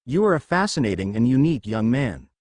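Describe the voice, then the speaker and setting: Man voicing a calm doctor, middle-aged, soothing, confident, measured, animated pitch. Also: no room sound.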